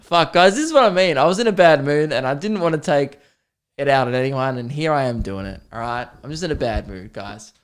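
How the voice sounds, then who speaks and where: A man's voice: medium pitch, expressive, a little fast, clear, resonant tone. A man in his twenties with an Australian accent, hosting a solo comedy podcast in a sweary, rambling, self-deprecating way.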